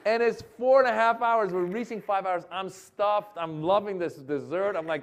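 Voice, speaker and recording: A male comedian telling a long anecdote at a live talk event, acting out voices and shouting for laughs. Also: high-pitched, moderate pace, a little hiss or hum. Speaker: comedian guest. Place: lecture event with audience.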